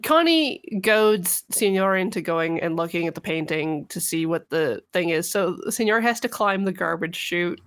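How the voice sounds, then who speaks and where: A woman's voice: fairly low pitch, expressive, moderate pace, few pauses. A woman co-hosting a podcast, plainly narrating the plot of a film in casual chat. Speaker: podcast co-host. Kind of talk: casual movie recap chat.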